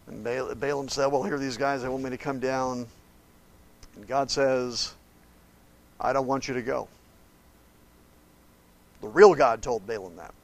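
A man preaching a sermon, retelling a Bible story with lively voices for each character. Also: sits high, normal speed, no room sound.

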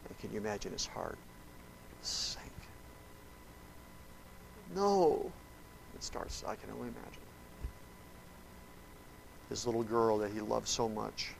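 A male preacher giving a sermon. He tells the story dramatically, speaks directly to his listeners, and swings from hushed to loud. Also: lowish voice, lively intonation, normal speed, gravelly, long pauses, a little hiss or hum, low-quality recording.

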